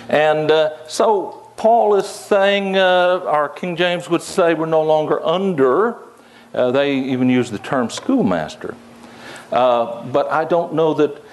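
A man's voice: medium pitch, darkish tone. An older man teaching the Bible in a folksy, conversational way, with many fillers and asides.

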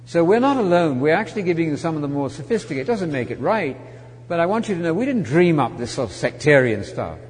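A man teaching a Bible study sermon, emphatic, with rhetorical questions and wide swings from loud to soft. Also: on the high side, sing-song, fast. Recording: long hall reverb.

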